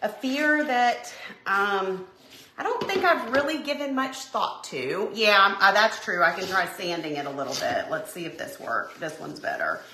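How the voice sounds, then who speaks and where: A woman hosting a home craft video, chatting and telling a story in an animated, exclaiming way as she works. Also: mid-range voice, measured pace, slight background noise. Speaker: DIY crafting host. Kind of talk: casual storytelling while crafting. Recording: roomy echo.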